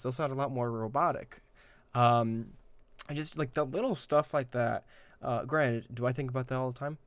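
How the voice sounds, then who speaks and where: A man's voice: medium pitch, dry recording. A man chatting casually as a guest game master, rambling and self-deprecating with lots of fillers and restarts. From Ireland. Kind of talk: casual interview chat.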